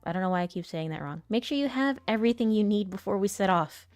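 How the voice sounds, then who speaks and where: A woman voicing a friendly, energetic female travel companion in a voice acting demo read. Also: mid-range voice, quick pace, no echo, soft background music, natural voice. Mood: upbeat.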